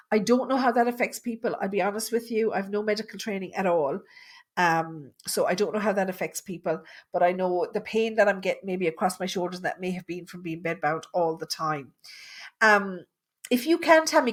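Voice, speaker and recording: A woman working as a medium, talking through a live reading with a caller in a chatty, reassuring way full of fillers. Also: medium pitch. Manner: chatty, reassuring, thinks aloud with many fillers.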